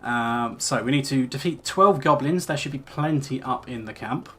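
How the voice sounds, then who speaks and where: A man's voice: medium pitch, normal speed. A man streaming a game, chatting casually with lots of fillers and reading quest text aloud. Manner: relaxed, rambling with many fillers. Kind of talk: casual let's-play commentary.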